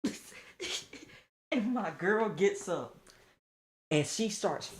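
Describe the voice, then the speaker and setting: A young man casually telling a story, animated and profane, jumping into squeaky high outbursts. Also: extremely slow, a little hiss or hum.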